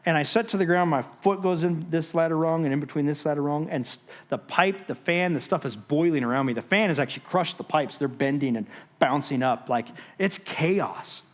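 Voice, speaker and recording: Man preacher, slightly high voice, storytelling sermon, dramatic pauses, swings loud to hushed. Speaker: guest speaker. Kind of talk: sermon testimony. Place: church stage.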